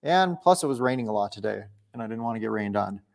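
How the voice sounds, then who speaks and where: A young man from Minnesota hosting a casual livestream Q&A, chatty and quick to laugh. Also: fairly low pitch, lively intonation, gravelly. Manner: chatty, laughs often, restarts sentences. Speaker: livestream host. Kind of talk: casual live Q&A. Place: home, indoors.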